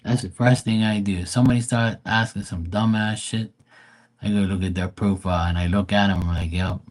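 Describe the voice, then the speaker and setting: A man's voice: fairly low pitch, steady tone, a little fast. A man, chatting casually on a live stream, profane and mocking, drawling as he quotes people in exasperated put-on voices. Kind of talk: casual ranting chat.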